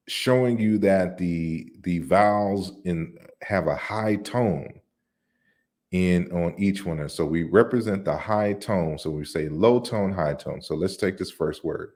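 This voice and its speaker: Slow, deep-voiced man explaining slides. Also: a little mellow. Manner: deliberate, explanatory, with many restarts and fillers. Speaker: lecturer on African languages. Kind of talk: online lecture walking through slides.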